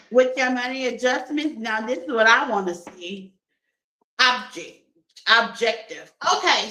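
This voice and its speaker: A woman's voice: a little high, sharp tone, reverberant, poor audio. A woman doing a casual tarot reading for her viewers, playful and laughing often as she talks to them like friends. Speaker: tarot reader.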